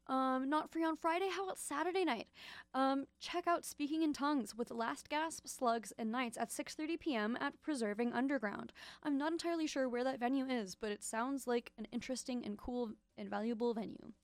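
High-voiced, rambling young woman radio DJ. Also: a little fast, dry recording. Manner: rambling, giggly, self-interrupting and playful. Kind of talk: casual radio DJ chat with event listings.

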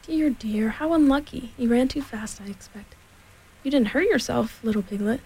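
A woman's voice: a little high, normal speed, a little mellow, slightly rough, rough recording. Eeyore, a woman reading as a gloomy donkey. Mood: mournful. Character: gloomy old male donkey, slow and mournful.

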